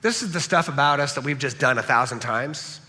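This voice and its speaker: Bright-voiced pastor man preaching. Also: medium pitch, fairly quick. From Southern California. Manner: animated, joking asides, frequent "right?". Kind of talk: sermon. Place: large church hall. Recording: echoey church hall.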